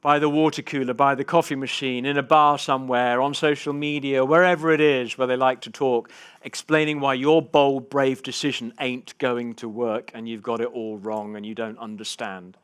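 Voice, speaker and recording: A man gives a motivational keynote to a live conference audience. He is an animated storyteller who moves from hushed, confiding lines to loud, lively bursts. His voice sits in an ordinary middle register for a man. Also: mid-range voice, normal speed, hardly any pauses, clear, resonant tone. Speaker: keynote speaker.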